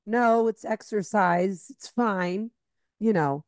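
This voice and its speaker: A woman co-hosting a casual podcast chat, telling lively stories and acting out what people said. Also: mid-range voice, takes it slowly, no echo. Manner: lively storyteller, acts out quotes. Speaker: podcast co-host.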